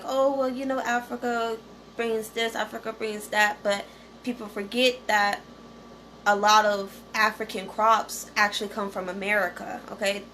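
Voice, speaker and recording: A woman's voice: mid-range voice, bright, forceful tone, a little hiss or hum. A woman hosting a casual educational vlog. She talks conversationally, often checks in with "okay?", and reads source text aloud while stumbling over some pronunciations. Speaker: channel host.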